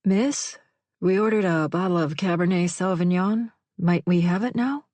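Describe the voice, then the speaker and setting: A genial married man out for dinner, read by a woman narrator, polite and easygoing in every line. The voice is kept close to the narrator's own low register, with a dry, close recording. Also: normal speed, darkish tone, no echo, lightly acted. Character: courteous married man, a pleasant diner.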